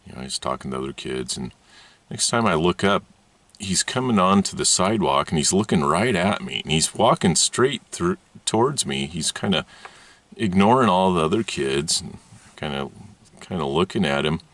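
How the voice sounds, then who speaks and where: A man's voice: low-pitched, expressive, moderate pace, a bit bright, no room sound. A man telling a rambling personal story from his childhood, laughing often as he talks. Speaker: channel host.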